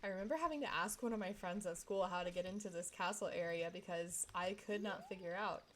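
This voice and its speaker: A woman streamer from Texas plays a game and chats casually with her viewers, video game music running in the background. Her voice is lowish and quick, with a little hiss or hum on the audio.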